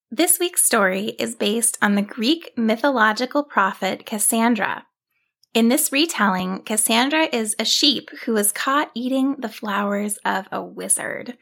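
A woman hosting a children's story podcast, welcoming listeners and narrating a fairy tale in a gentle storybook manner. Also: on the high side, animated, a little slow, vocal fry.

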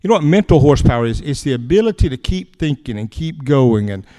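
A man's voice: mid-range voice, fast. A man, preaching in a folksy, anecdotal way to an audience. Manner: folksy and animated, tells anecdotes with chuckles and repeated words. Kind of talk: folksy storytelling talk to an audience. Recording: long hall reverb.

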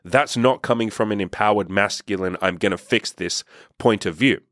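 A man's voice: lowish voice, normal speed, fairly bright tone, no room sound, studio quality. A young man hosting a podcast, giving a blunt, emphatic motivational monologue with casual swearing. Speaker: podcast host.

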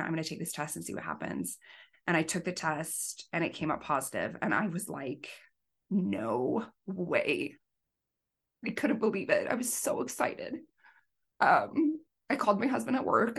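A woman in her thirties, a life coach and podcast host, telling a personal story in an earnest, emotional way. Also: fairly low pitch. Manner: emotional, earnest, tearful at times. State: pregnant.

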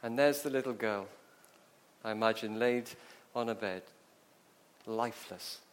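A man's voice: fairly low pitch, unhurried. A man preaching a sermon, telling the story vividly and asking rhetorical questions.

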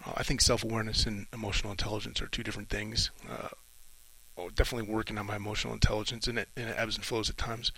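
Gravelly, musing middle-aged man. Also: lowish voice, level tone, bright, forceful tone, low-quality recording. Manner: thoughtful, musing, speaks in short halting phrases. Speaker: retired Navy officer sharing reflections. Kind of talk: reflective solo monologue.

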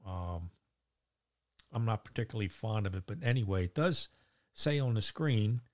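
A man's voice: on the low side, animated, normal speed. A middle-aged man telling a casual, rambling story about his day, full of fillers and casual swearing. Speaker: vlogger.

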